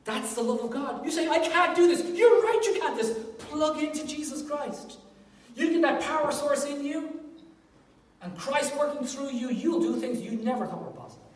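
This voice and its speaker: A man preaching a sermon in a jokey, animated way, swelling loud at times. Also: very high-pitched, normal speed. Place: church hall. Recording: echoey hall from far off.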